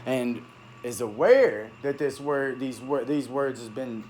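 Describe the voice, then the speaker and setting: A man speaks unscripted into his phone, recounting events in a heated, halting way. He restarts sentences often and lets thoughts trail off. His pitch stays in an ordinary middle range. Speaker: vlogger recounting a personal dispute. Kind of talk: unscripted personal monologue.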